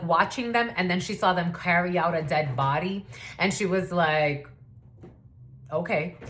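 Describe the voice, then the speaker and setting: A woman doing a loose, chatty spiritual reading, talking straight and swearing freely. She breaks off into laughing asides as she goes. Her voice sits at an ordinary middle pitch. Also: fairly bright tone. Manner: blunt and profane, laughing asides. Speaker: spiritual reader. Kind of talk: casual channeled reading.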